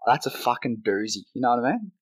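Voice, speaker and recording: Brief: young aussie male co-host, mid pitch, crude and laughing, loose podcast chat. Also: sing-song, fast. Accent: Australian. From Australia. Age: young adult. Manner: crude, laughing, swears a lot. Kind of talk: casual banter.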